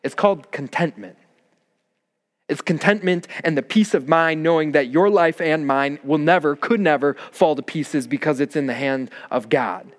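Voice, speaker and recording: A man's voice: fairly high pitch, normal speed, in a large hall. A man preaching a sermon as pastor, earnest and rising in emphasis.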